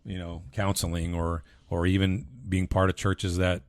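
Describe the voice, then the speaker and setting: A man's voice: low-pitched, little pitch movement, moderate pace, no echo. A man co-hosting a podcast who speaks in a heartfelt, earnest way and often repeats words as he restarts his sentences. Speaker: podcast co-host, husband and father. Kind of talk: casual podcast conversation.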